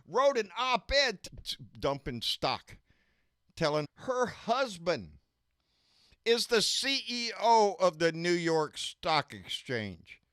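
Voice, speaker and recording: Bright-voiced folksy man ranting. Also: fairly high pitch, very animated, slow, smooth, no room sound, studio quality. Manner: folksy, profane, says "baby" a lot. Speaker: live stream host. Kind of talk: casual live-stream chat and rant.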